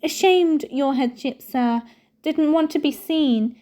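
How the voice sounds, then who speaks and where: A woman's voice: high-pitched, slow, dark tone, voice pushed up. A woman reading aloud, voicing a mischievous male poltergeist with an oily, cackling manner. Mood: oily gleeful. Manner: oily, cackling, mock-sorrowful.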